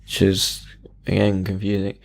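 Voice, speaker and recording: Hesitant man, low voice. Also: completely flat delivery, unhurried, gravelly. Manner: hesitant, self-deprecating, dry jokes. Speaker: podcast co-host. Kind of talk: casual podcast chat.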